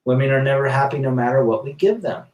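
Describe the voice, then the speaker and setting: A man's voice: mid-range voice, fast, darkish tone, reverberant, far from the mic. A man hosting a casual live stream, reading viewer comments aloud and answering in a rambling, blunt way with many restarts.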